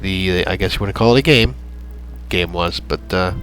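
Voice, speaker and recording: A man hosting a gaming channel, chatting in a rambling, halting way with lots of fillers as he wraps up a playthrough. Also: low-pitched, poor audio. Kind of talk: casual gameplay commentary. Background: soft background music.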